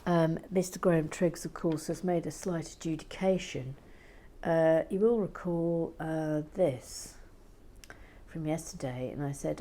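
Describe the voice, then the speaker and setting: A woman with a sore throat talking softly to herself in ASMR style, slipping into whispers and dry teasing, close to the mic. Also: deep voice, steady tone, unhurried, a little hiss or hum. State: sore throat, has a cold. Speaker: host. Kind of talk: soft-spoken ASMR building commentary.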